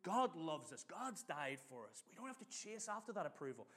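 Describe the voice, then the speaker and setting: A middle-aged man preaching a sermon in a lively, chatty way, telling personal stories and leading his audience in call-and-response. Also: high voice, moderate pace, husky.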